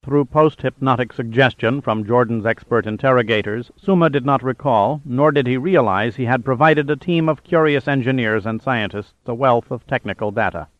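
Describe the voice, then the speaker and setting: A man reading a thriller audiobook in a measured, even narration. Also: mid-range voice, dry recording, phone-quality sound. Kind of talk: scripted narration.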